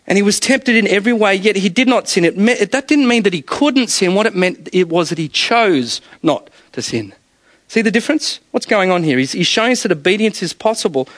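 A man's voice: sits high, lively intonation, brisk, a bit bright, no room sound. A man, preaching an evening sermon in a conversational, storytelling way with frequent laughter.

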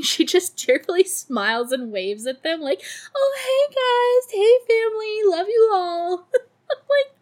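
A woman hosting a podcast, recapping a movie in a casual, profane, sarcastic way, laughing often and doing high voices for the characters. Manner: acts out characters in a high put-on voice. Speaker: podcast host.

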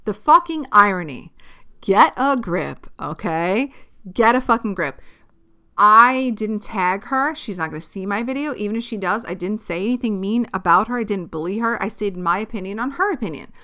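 A young woman hosting her own podcast, venting bluntly and profanely in a casual, animated way. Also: mid-range voice, normal speed. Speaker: podcast host. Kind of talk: casual solo podcast rant.

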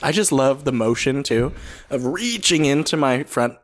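Easygoing young man, quick laughs. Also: mid-range voice, lively intonation. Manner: easygoing, laughs often, dry asides. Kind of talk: casual chat.

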